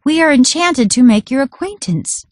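A woman voicing a tiny, eager, formal magical father in a storybook, breathless and raised in pitch. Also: expressive, normal speed, dry recording.

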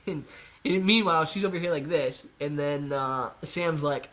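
A man's voice: fairly high pitch, moderate pace, a bit bright. A man hosting a casual live stream, reading viewer comments and bantering playfully with them. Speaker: livestream host reading chat.

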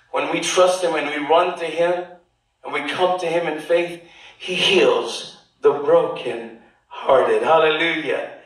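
Fervent pastor preaching in an echoing church. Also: male voice, on the high side, a bit bright. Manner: preaching with call-and-response, quoting scripture slowly. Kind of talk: sermon. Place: church sanctuary. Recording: roomy church sound from a distant mic.

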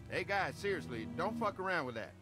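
An actor playing a wary young male farmhand in a video game, gruff and irritable. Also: high voice, sing-song, brisk. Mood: irritated. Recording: game audio with music behind. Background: game music.

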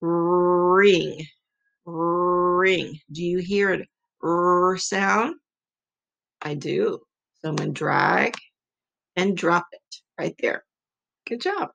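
A woman's voice: on the low side, creaky, fairly bright tone, poor audio. A woman teaching a remote phonics lesson to young children, patiently sounding out letters again and again.

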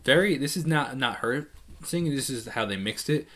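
A man's voice: medium pitch, animated, normal speed. Man breaking down a song, studio mic. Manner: explanatory, analytical, many restarts. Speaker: musician reacting to a song. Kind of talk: casual music commentary. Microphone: studio microphone with pop filter. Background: faint song playing.

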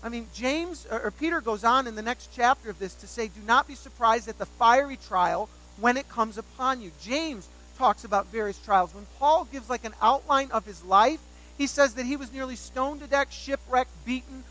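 A man's voice: very high voice, normal speed, hardly any pauses, sharp tone, poor audio. A man pastor preaching a sermon, emphatic and repeating key phrases for weight, telling personal stories with self-deprecating humor.

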